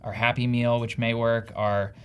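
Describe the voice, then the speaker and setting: A man's voice: mid-range voice, little pitch movement, normal speed, a little hiss or hum. Chatty man with a Jersey accent. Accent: New Jersey. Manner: upbeat, chatty, self-deprecating. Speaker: livestream co-host. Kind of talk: casual live-stream chat.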